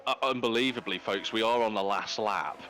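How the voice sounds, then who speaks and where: A man giving live commentary on an online racing league, his voice rising high and animated as he calls out finishing positions. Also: fairly quick, slight background noise. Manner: excitable, jumps high when calling positions. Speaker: race commentator. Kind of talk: live esports race commentary.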